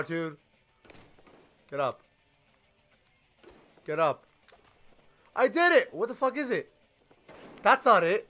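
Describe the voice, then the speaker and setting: A man commentating a wrestling video game as he plays, excitable and swearing, shouting at his opponent. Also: sits high, slow, long pauses, faint music behind. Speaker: gaming YouTuber. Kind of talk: let's play commentary.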